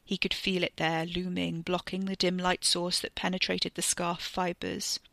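A woman reading a serialized story aloud with expressive, tense narration. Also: on the low side, a little slow, creaky, no room sound. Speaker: reader.

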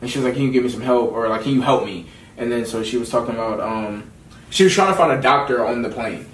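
A young man co-hosting a casual podcast chat about a film, excitable and slangy, often laughing as he recounts scenes. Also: mid-range voice, quick pace. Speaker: podcast co-host. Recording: echoey room, mic far off, faint noise.

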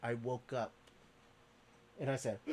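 A man hosting a podcast, telling a personal story in a casual, earnest and halting way, often restarting his sentences. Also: mid-range voice, fairly even intonation, a little hiss or hum. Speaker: podcast host.

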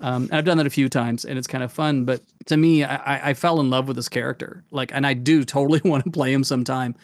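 A man's voice: medium pitch, fairly even intonation, fast, no echo. Enthusiastic man co-hosting, dry sound. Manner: enthusiastic, rambling with many restarts. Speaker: podcast co-host. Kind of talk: casual chat about tabletop gaming.

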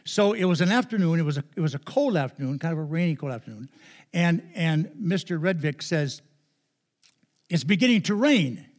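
An older man stands before a church congregation as a guest preacher, his voice sitting a little on the high side. He talks in a chatty, good-humored way, telling stories and joking with the people in the pews before he moves into his sermon. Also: lively intonation, fairly quick, a little mellow. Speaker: guest pastor. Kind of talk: sermon with storytelling. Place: church sanctuary.

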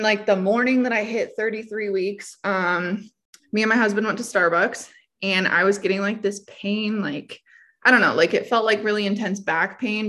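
A young woman and mom casually telling a story, acting out quotes with lots of "like". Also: medium pitch. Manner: animated storyteller, acts out quotes, many "like"s. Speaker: mom sharing her birth story. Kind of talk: casual chat.

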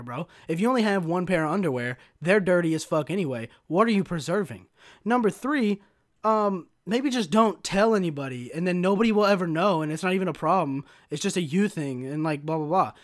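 A young man hosting a solo podcast, telling a story in a profane, animated, slangy rant. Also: high voice. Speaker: podcast host.

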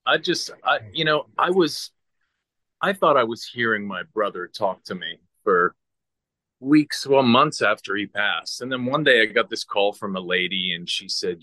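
Earnest man caller, halting delivery, bright forceful tone. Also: on the low side, expressive, dry recording. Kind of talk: personal storytelling on a video call. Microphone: video call.

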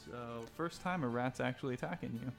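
A man's voice: medium pitch, fairly quick, gravelly. A man narrating a tabletop game as game master, in a casual, crude, rambling way. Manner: casual, crude, filler-heavy. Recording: faint music behind.

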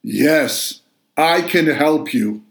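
A man voicing God in a joke, answering slowly and plainly. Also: a little high, expressive, reverberant, heavily acted. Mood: calm. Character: calm, unhurried voice of God from above.

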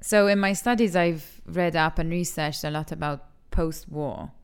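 A young adult actress from Malta, speaking openly and with feeling in an interview, laughing easily. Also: female voice, deep voice, unhurried, smooth. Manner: candid and emotional, laughs easily. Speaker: actress and TV talent show judge. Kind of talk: frank interview conversation.

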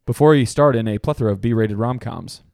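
A man in a dry, close-miked casual talk, telling his friends about a favorite film. He slips into high, lively voices to quote the characters and keeps laughing between lines. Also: fairly quick, vocal fry, no room sound. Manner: animated, acts out movie quotes with laughter. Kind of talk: casual movie chat.

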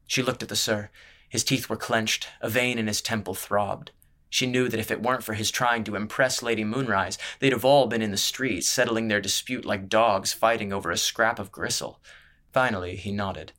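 Low-voiced man narrating a fantasy story. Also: fairly even intonation, normal speed, sharp tone. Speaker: audiobook narrator. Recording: music playing underneath.

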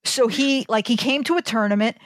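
A woman's voice: on the high side, brisk, no echo, clean studio sound. A woman guest telling a story in a casual interview, acting out other people's lines as she goes. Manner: animated storyteller, acts out quoted voices.

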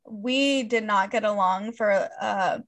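A woman's voice: medium pitch, slow pace, a bit bright. A woman co-hosting a podcast, talking in a casual chat full of fillers and "like". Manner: chatty, many fillers and likes. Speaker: podcast co-host.

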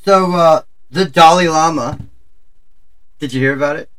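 A man's voice: fairly high pitch, moderate pace, a crowd in the background, low-quality recording. A man from Albany, New York, with an upstate New York accent, co-hosting a casual comedy podcast, joking and swearing freely. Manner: laughs often, jokey, swears casually. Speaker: podcast co-host.

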